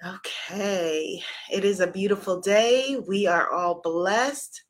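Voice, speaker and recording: A woman's voice: mid-range voice, takes it slowly. A woman hosting a live stream as an author, chatting effusively with viewers, greeting commenters by name and laughing often. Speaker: livestream host and author.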